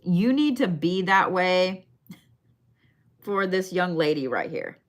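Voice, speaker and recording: A woman with a lowish, expressive voice speaks at a slow pace as she gives bone readings on a live stream from her shop, keeping it chatty, occasionally cursing, and addressing her viewers directly.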